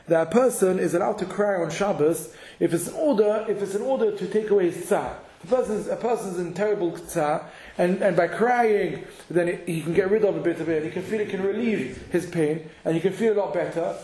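Working through a point of halacha out loud, this Torah teacher keeps restarting sentences and repeating words, mixing in Hebrew and Yiddish vocabulary. His voice is fairly high yet dark in tone, and the space echoes heavily.

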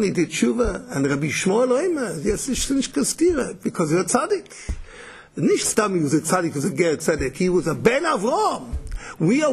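A man's voice: high-pitched, gravelly, slightly rough. A man giving a Torah lecture, mixing Yiddish and Hebrew terms, often repeating words and restarting. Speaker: Torah teacher.

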